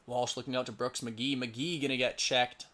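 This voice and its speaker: A man's voice: medium pitch, little pitch movement, moderate pace, a bit bright. A young man doing casual solo play-by-play for a simulated lacrosse game, stumbling over player names and muttering asides to himself.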